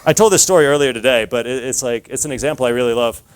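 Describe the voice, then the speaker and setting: A man's voice: medium pitch, very fast, clean tone. A man giving a casual talk to an audience, telling stories with lots of filler words and acted-out dialogue.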